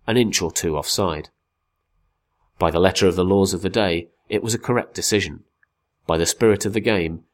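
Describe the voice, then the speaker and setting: A man reading a football magazine article aloud as scripted narration, with a measured, wry storytelling delivery. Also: sits low.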